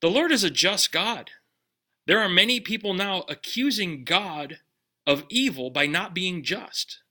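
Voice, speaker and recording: A man preaching a sermon in a conversational way, putting direct questions to his listeners and dropping his voice low on key lines. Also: animated, measured pace, pushed and bright. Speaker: pastor.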